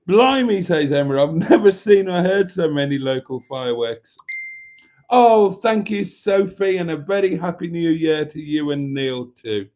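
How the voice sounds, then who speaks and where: A man's voice: on the high side, animated, measured pace, a little mellow. A man hosting a casual livestream, reading viewer messages aloud in a camp, joking way. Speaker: livestream host. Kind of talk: casual live chat reading comments.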